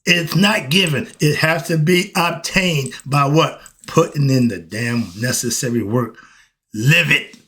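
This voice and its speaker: A middle-aged man giving a preachy solo monologue, answering his own questions and breaking into shouts. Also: on the high side, measured pace. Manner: coughs and clears throat. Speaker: street philosophy commentator.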